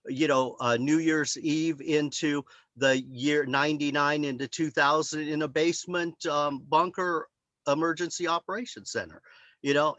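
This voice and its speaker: A man with a fairly high, fairly bright voice presents his book on a video call, the audio dull but without echo. He talks casually, telling rambling stories and acting out the voices of the people he quotes.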